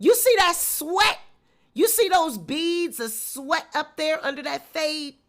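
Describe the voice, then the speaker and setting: A woman's voice: high voice, expressive, slow. A woman vlogger giving emphatic, mocking gossip commentary.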